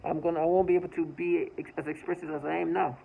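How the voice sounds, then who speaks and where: A man speaking earnestly in a personal video monologue, halting, repeating words and restarting often. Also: a little high, fairly even intonation, creaky, slightly rough. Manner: earnest, urgent delivery. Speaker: vlogger. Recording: tinny phone-like audio with faint noise.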